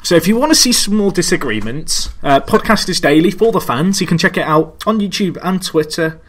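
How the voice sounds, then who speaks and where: A man hosting a casual football podcast, giving measured analysis with plenty of hedges like "I think" and "I believe". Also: sits high, animated, fairly bright tone. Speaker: podcast host.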